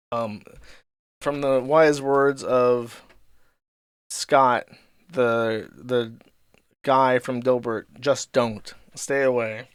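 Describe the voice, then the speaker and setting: A man's voice: medium pitch, takes it slowly, a bit bright, smooth, no room sound, clean studio sound. A man hosting a casual livestream, reading out viewer donations and rambling about them with frequent laughs and swearing. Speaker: livestream host.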